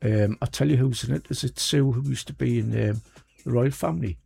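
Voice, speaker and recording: A man's voice: mid-range voice, a little fast, vocal fry, dark tone, husky, soft background music. A man co-hosting a radio show, chatting casually and rambling with lots of fillers. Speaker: radio co-host. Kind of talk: casual chat.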